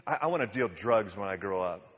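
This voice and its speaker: A man's voice: fairly low pitch, lively intonation, brisk, a bit bright, pitched below the performer's own voice. Man playing a little boy, hardly altered, echoey hall. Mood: mocking. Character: little boy dreaming of crime.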